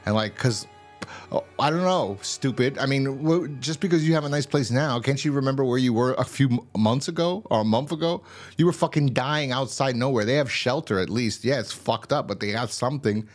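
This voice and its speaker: A man's voice: medium pitch, fairly quick, faint music behind. A man giving a casual, rambling and profane review of a TV episode. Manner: rambling, profane, full of fillers and restarts.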